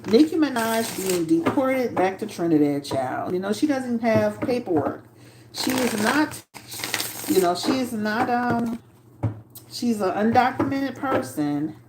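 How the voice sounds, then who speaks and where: A woman hosting a casual livestream, talking with emphatic, animated energy and swearing. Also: on the high side, measured pace, reverberant, heavy background noise. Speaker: tarot reader and livestream host.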